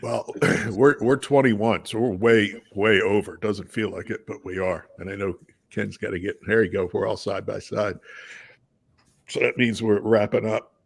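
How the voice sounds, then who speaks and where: A man's voice: fairly low pitch, steady tone, normal speed, gravelly, husky. A man hosting a casual chat, bantering with teasing jokes. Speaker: host.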